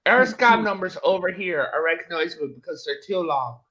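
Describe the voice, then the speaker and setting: High, bright-voiced man co-host, casual storytelling, lo-fi recording. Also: expressive, brisk, husky. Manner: storytelling, mimics callers. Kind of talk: casual chat. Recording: dull lo-fi sound.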